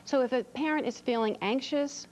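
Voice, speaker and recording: A woman's voice: high-pitched, moderate pace, darkish tone, low-quality recording. Earnest woman guest on a talk show. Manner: earnest, reassuring, repeats words while thinking. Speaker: author and parenting expert guest. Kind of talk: TV interview answers.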